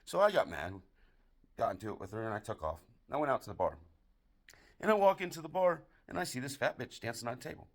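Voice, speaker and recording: A medium-pitched American man tells smutty jokes at a fast pace, swearing his way through a comedic story. He sounds like a bar regular with a joke for everyone, his tone completely deadpan.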